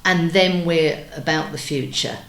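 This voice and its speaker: Low-voiced woman podcast host, echoey. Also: unhurried, creaky, fairly bright tone. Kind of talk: conversational podcast chat.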